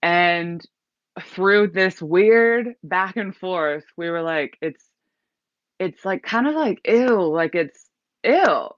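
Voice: medium pitch, expressive, slow pace, no room sound. A singer-songwriter guest telling a story in a casual interview, rambling with many likes and restarts. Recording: dull lo-fi recording.

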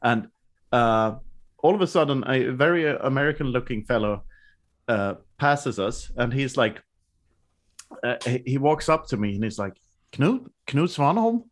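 A man in relaxed podcast conversation, his sentences stumbling and restarting. His voice sits in an ordinary middle register, and he breaks into laughter often as he goes. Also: mid-range voice, moderate pace. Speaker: podcast guest. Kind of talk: casual chat.

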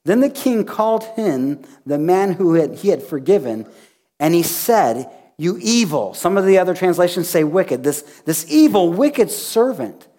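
A man's voice: high voice, normal speed. A male pastor preaching a sermon, retelling a scripture story with acted-out dialogue. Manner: animated storytelling, acting out dialogue.

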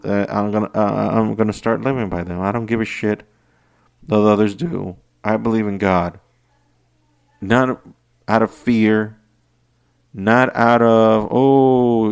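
A man hosting a podcast, delivering an unscripted, profane rant that swings between heated outbursts and low muttering. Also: vocal fry, clear, resonant tone. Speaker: podcast host. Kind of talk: unscripted ranting monologue.

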